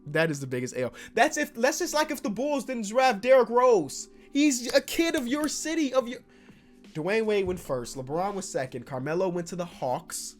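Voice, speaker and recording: Excitable man doing gaming commentary. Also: high-pitched, normal speed, faint music behind. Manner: excitable, bursts into loud shouts. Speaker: basketball YouTuber.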